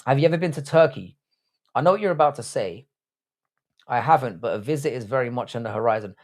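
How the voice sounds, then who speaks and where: His mid-range voice is expressive and quick as this young English streamer goes through live chat, bantering crudely and bluntly while rambling and frequently starting over.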